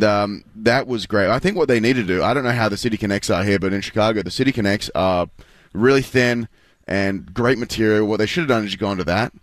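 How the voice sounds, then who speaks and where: Fast-talking Australian man, dry close sound. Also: lowish voice, no echo. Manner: easygoing, chatty, many fillers and restarts. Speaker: guest, pro baseball pitcher. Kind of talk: casual radio interview. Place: live broadcast at a spring training ballpark.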